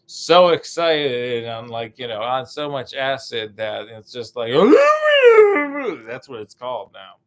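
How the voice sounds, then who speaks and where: A young American man talks his way through a meandering stand-up set, his voice sitting at an ordinary middle pitch. He swears freely, circles back on himself with fillers, and now and then jumps into a loud, high shout for a bit. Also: a little slow, few pauses, clean tone. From United States. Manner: meandering, profane, lots of fillers, sudden shouted bits. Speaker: stand-up comedian.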